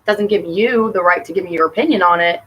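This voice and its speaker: A woman venting to her camera at her sister, bitter and profane, her voice dropping low or flaring hot. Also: quick pace, a bit bright, husky, lo-fi sound. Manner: swings between muttering and heated outbursts. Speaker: vlogger addressing her sister. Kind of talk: personal rant to camera.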